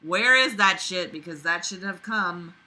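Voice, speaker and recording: A woman's voice: fairly low pitch, unhurried, bright, forceful tone, rough recording. A woman reading a novel aloud, breaking off for sarcastic, profane, exasperated commentary. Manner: sarcastic, swears freely, exasperated asides. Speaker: reader of a novel.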